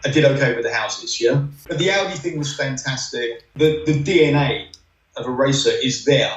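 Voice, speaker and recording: A man's voice: mid-range voice, normal speed, dull audio. Chatty man, distant and roomy. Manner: rambling storyteller, many "you know"s. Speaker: guest, former racing driver. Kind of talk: anecdotal podcast interview. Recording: roomy sound, distant from the mic.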